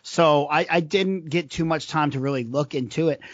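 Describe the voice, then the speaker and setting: A man's voice: on the high side, normal speed, no room sound. A man co-hosting a casual podcast, slangy and joking with a sarcastic edge. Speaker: podcast co-host. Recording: dull lo-fi dry sound.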